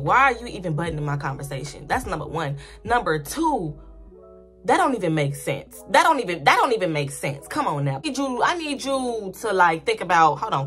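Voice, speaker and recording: A woman's voice: on the low side, fairly bright tone. A woman vlogger giving spiritual commentary in a blunt, profane, emphatic rant that repeats points over and over. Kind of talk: ranting casual commentary.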